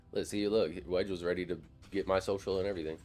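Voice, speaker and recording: Low-pitched and darkish, this young man's voice carries casual live-stream chatter as he plays a game. He's from near Madison, Wisconsin, and he rambles, swears, and fills his talk with "like."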